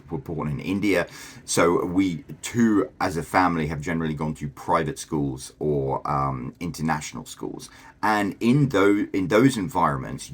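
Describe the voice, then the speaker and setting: Very deep, husky man. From England. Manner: chatty, thinks aloud with many fillers and restarts. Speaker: vlogger. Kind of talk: casual explanatory talk to camera.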